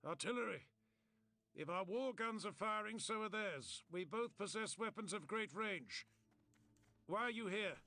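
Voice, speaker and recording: A man's voice: high-pitched, expressive, unhurried, voice pushed up, heavily acted. A man voicing a dazed male soldier who keeps barking clipped, urgent battlefield warnings. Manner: loud, urgent, clipped military reports.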